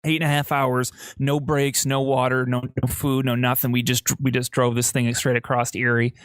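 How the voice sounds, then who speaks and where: A man's voice: mid-range voice, flat delivery, smooth, no echo. Man with a bone-dry, close sound. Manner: rambling, halting, with many fillers and restarts. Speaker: podcast co-host. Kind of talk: casual chat, storytelling.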